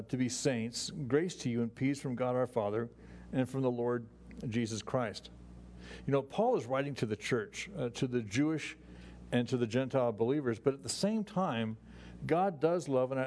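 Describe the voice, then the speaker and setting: Chatty pastor teaching the Bible, faint hum. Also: male voice, mid-range voice. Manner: relaxed and chatty, many "you know"s and restarts, chuckles.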